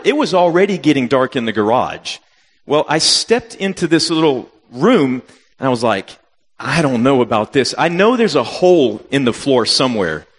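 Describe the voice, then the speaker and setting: Animated fifty-year-old preacher in a hall. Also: male voice, fairly high pitch. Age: 50s. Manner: animated, acts out his own reactions with sudden loud jumps. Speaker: missionary preacher. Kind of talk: storytelling sermon. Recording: long reverb of a hall.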